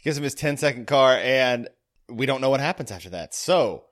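A man's voice: mid-range voice, lively intonation, moderate pace. A man hosting a podcast in casual chat, jokey and rambling, laughing a lot. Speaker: podcast host.

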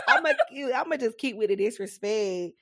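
A young woman co-hosting a comedy podcast. Her high voice swings widely in pitch, and she laughs often. She talks slowly, stretching out her reactions in a bright tone. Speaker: podcast co-host. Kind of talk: casual comedic chat.

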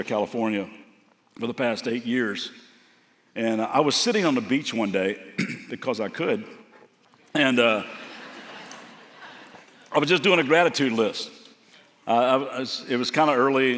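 A man's voice: medium pitch, normal speed, long pauses, a bit bright. A man giving a sermon as a guest preacher, telling a story in a conversational, earnest way. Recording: long hall reverb.

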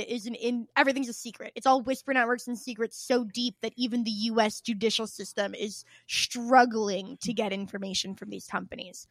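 A woman with a high, bright voice riffs on a podcast in loose, casual chat. She rants with open exasperation, swears freely and slips into other voices to act out the people she quotes. The sound is dry and close, with no room around it. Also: no room sound. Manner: acts out quoted people with shifts of voice. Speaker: podcast co-host.

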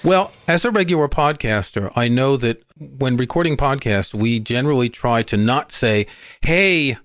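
A man from England co-hosting a podcast, chatting casually with quick jokes and asides. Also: medium pitch, expressive, fairly bright tone, no echo, studio quality. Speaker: podcast co-host.

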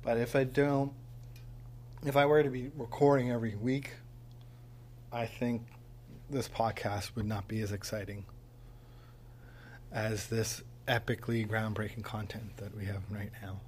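A man's voice: on the low side, fairly even intonation, a little slow, pauses often, a little mellow, a little hiss or hum. Rambling man hosting a solo podcast. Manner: rambling, frequent ums, self-deprecating humor. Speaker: podcast host. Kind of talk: casual solo podcast monologue. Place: home studio. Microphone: mic on a tripod.

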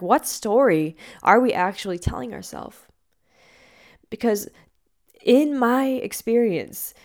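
A woman speaks in a gentle, earnest way, teaching about patterns of the mind like a meditation guide. Her pitch sits in the middle of the usual range for a woman. She talks reflectively, with a calm, steady warmth of intent. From Hawaii. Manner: gentle and earnest, with lively acted quotes. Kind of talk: reflective spiritual talk.

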